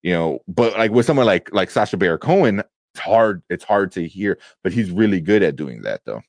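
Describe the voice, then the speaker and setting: A man's voice: low-pitched, expressive, brisk, no echo, clean studio sound. A man co-hosting a podcast, chatting loosely at a desk mic, swearing freely and laughing often. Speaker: podcast co-host. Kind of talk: casual chat.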